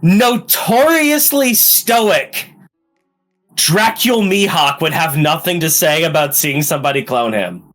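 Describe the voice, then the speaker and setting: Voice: mid-range voice, lively intonation, takes it slowly, a bit bright, soft background music. A podcast co-host in casual chat, making incredulous, emphatic complaints. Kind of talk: casual chat about anime.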